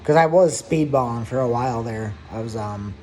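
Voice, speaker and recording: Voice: mid-range voice, normal speed, warm tone, slight background noise. A vlogger in their thirties telling a long personal story in a casual, profane, rambling way, with hummed asides.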